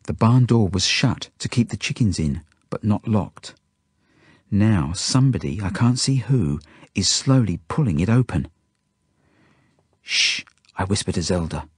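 A man with a lowish, slightly husky voice reads a children's story in the first person, his pitch rising and falling with feeling. He drops to hushed tones at the tense moments. The recording is dry and close, with no room sound. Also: a little slow, no room sound. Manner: expressive, dropping to hushed tones. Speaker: audiobook reader.

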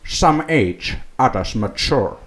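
A man doing a deliberately shoddy, exaggerated impression of a gruff Scottish film star on a comedy podcast, dropping into a low growl. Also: expressive, lightly acted. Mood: mock-solemn.

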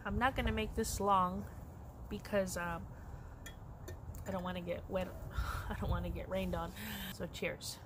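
A woman's voice: fairly low pitch, steady tone, unhurried, long pauses. A middle-aged woman chatting candidly in a personal crochet vlog, laughing often. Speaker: crochet vlogger. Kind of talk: casual personal vlog chat. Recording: noisy background.

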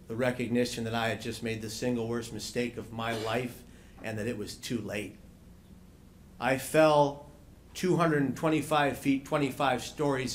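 A man speaking on a panel, recounting a personal story in a measured, dramatic way with slow pauses. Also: a little high. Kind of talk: personal story told to an audience. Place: conference room.

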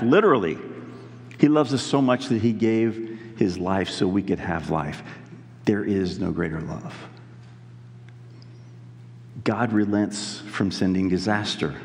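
A male pastor preaching a sermon in an earnest, conversational way, pausing to weigh key words. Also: lowish voice, long reverb tail.

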